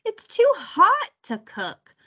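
A woman's voice: a little high, sing-song, moderate pace, bright, forceful tone, exaggerated voice. A woman voicing a grumpy, mischievous boy who grumbles and mutters in a storybook read-aloud. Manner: grumbling, bored.

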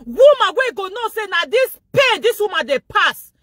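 High, bright, laughing Nigerian woman. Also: big pitch swings, normal speed, no room sound. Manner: mocking, laughs loudly and often. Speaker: vlogger and show host. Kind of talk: gossip commentary vlog.

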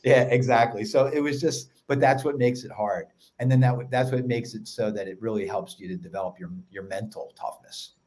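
Man, Philadelphia accent, podcast guest, energetic storyteller, run-on sentences. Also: medium pitch, fairly quick, few pauses. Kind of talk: casual chat.

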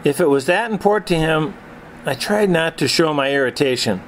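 A man narrating a story in a reflective, measured storytelling manner. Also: fairly high pitch, expressive, a little hiss or hum, rough recording. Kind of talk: storytelling reading.

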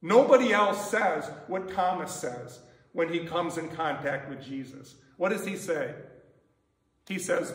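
A man's voice: high-pitched, animated, slow, sharp tone. A man preaching a sermon as pastor, in a conversational way with many rhetorical questions. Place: church sanctuary. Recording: echoey church from a distant mic.

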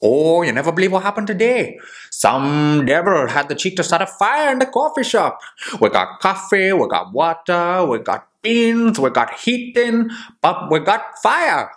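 A churchy, dramatic cafe lady, played by a man with a raised, swooping voice. She draws her words out slowly and calls down judgement like a preacher. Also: high-pitched, sing-song, a bit bright, voice pushed up, heavily acted. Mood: outraged. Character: churchy older woman airport cafe worker.

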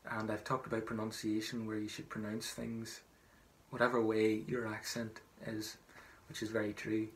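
A man teaching traditional songs, singing slow drawn-out phrases and then explaining them in quick, softer speech. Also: fairly low pitch, slight background noise. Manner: soft, murmured asides. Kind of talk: singing lesson, call-and-response.

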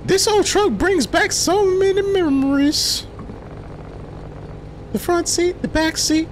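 A man voicing a nervous young male friend on a road trip in a high, squeaky put-on voice, reading game dialogue aloud. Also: slow pace, a little hiss or hum. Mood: nostalgic.

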